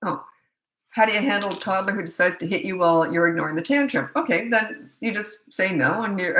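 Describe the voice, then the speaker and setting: A woman's voice: fairly low pitch, a bit bright. A middle-aged woman hosting a casual parenting Q&A, telling anecdotes and acting out what people said. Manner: chatty storyteller who acts out quoted remarks. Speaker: parenting coach and show host. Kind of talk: casual live Q&A chat. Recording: roomy echo.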